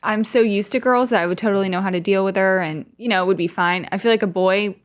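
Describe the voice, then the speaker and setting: A woman in her thirties, a podcast guest, talking gently and hesitantly in casual chat. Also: medium pitch, quick pace.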